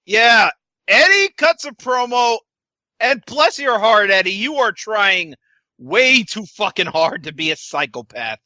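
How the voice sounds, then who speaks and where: A man's voice: high-pitched, sing-song, measured pace, sharp tone, no room sound, dull audio. A man co-hosting a podcast, recapping wrestling in casual chat with a sarcastic, swearing manner. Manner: sarcastic, swears, quotes wrestlers in put-on voices. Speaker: podcast co-host.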